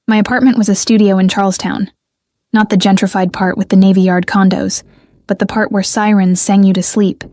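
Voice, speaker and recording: A young woman reading a first-person story in a measured, restrained scripted narration. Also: mid-range voice, mellow, no echo, clean studio sound.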